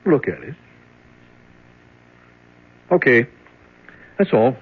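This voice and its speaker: A man's voice: medium pitch, huge pitch swings, drawn-out words, heavily acted. An actor playing a curt, cold male jailer who speaks in a dry, matter-of-fact way in a 1970s radio drama. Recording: tinny husky old radio broadcast.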